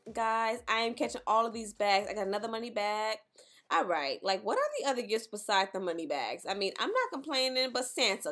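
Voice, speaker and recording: A young woman commenting on her gameplay in an excitable, dramatic, chatty way, with faint music behind her. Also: fairly high pitch. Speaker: gaming YouTuber.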